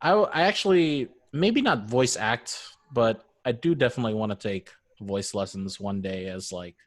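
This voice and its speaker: A man's voice: fairly low pitch, animated, moderate pace. A man hosting a casual podcast as dungeon master, joking and self-deprecating.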